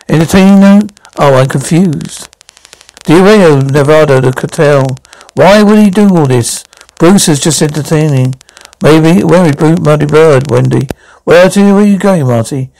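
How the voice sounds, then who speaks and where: Gravelly man reading a homemade radio drama. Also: fairly high pitch, darkish tone, rough recording. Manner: halting delivery with frequent stumbles and restarts. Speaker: fan audio drama reader voicing all roles.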